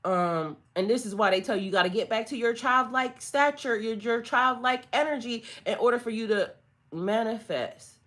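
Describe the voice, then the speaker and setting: A woman's voice: fairly high pitch, moderate pace, a bit bright. Blunt, profane woman giving a spiritual reading. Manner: blunt, profane, sassy and emphatic. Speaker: spiritual tarot reader. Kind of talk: casual livestream reading.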